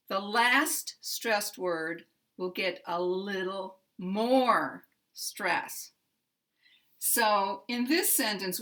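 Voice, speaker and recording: An American woman teaching English pronunciation, slowly pronouncing and repeating single words with careful articulation. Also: mid-range voice, fairly bright tone. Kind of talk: slow, deliberate pronunciation lesson.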